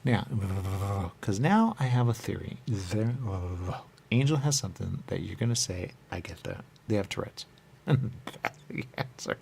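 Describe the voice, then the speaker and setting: A man's voice: fairly low pitch, lively intonation, measured pace, vocal fry, a little mellow, slight background noise. A man talking on in a rambling, repetitive monologue as a radio show host, looping back to the same catchphrases.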